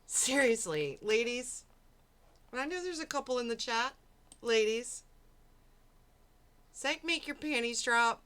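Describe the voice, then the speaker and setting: A woman's voice: fairly high pitch, fairly bright tone. A woman hosting a late-night stream, commenting on a replayed argument, mocking it with laughter, swearing and mimicry. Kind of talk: casual commentary over replayed audio. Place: home at night.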